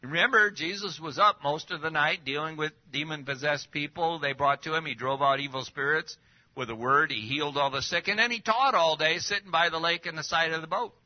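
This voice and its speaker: A man preaching a sermon, full of rhetorical questions and swinging between loud and hushed. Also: on the high side, a little fast. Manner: lively, rhetorical questions, drops to near-whispers. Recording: dull lo-fi recording.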